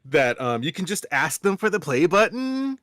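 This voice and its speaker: A man's voice: fairly high pitch, big pitch swings, normal speed, a bit bright, no room sound, clean studio sound. A man co-hosting a podcast, joking sarcastically in casual chat. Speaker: podcast co-host.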